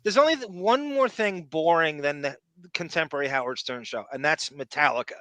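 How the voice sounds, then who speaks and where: A man co-hosting a podcast in casual chat, crude and sarcastic with quick joking asides. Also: fairly high pitch, sharp tone, no echo. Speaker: podcast co-host.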